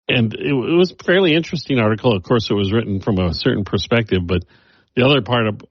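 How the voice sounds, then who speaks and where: A man's voice: medium pitch, fast, breathy edge, dry recording, lo-fi sound. A man hosting a radio talk segment, speaking in a conversational, thoughtful way. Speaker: radio host.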